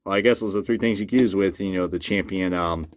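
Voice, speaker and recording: A man casually reviewing a collectible model car, chatty and swearing freely, often jumping into loud disbelief. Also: low voice, fast, a little hiss or hum. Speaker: diecast reviewer.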